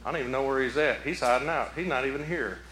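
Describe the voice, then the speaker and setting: A man's voice: mid-range voice, fast talker, sharp tone, echoey room, slight background noise. A man preaching a folksy sermon in a church, talking conversationally with repeated rhetorical questions. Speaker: pastor. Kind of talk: folksy Mother's Day sermon. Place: church sanctuary.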